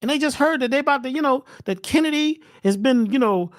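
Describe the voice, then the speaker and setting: A woman speaking a little fast is heard in a dry, clean studio recording. The host and wellness speaker delivers an emphatic, slangy, preachy monologue packed with rhetorical questions, her voice and pitch swinging with animation.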